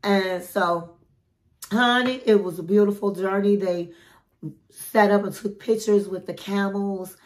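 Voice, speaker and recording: A woman's voice: mid-range voice, fairly even intonation, unhurried. Chatty woman doing a gossipy tv recap, calls everyone honey. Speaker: reality TV recap host.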